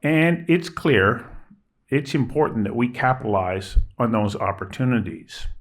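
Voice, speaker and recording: Measured male public affairs host. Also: mid-range voice. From Canada. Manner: measured, emphatic, deliberate stresses. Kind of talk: scripted public affairs introduction.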